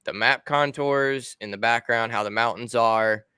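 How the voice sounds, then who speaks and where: A man's voice: mid-range voice, unhurried, pushed and bright, smooth, no echo, studio quality. A man guesting on a livestream, casually explaining things step by step while he shares his screen over a call. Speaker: guest co-host.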